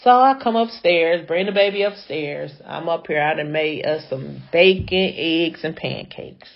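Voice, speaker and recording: A woman's voice: low-pitched, unhurried, gravelly, dull audio. A woman braider telling a dramatic story in a chatty, casual way, talking straight to her viewers. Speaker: hair braider.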